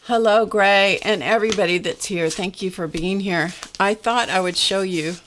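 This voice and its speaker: With a mid-range, slightly bright voice at a moderate pace, a woman chats and rambles self-deprecatingly while crafting on her art livestream. There's slight background noise.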